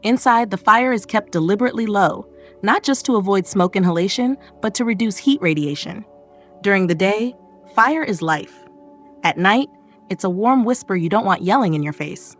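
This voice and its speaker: A woman narrating a bedtime history story in a soft, calm, gently wry second-person voice, recorded on a close studio mic. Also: medium pitch, normal speed. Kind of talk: scripted sleep-story narration. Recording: narration over faint background music.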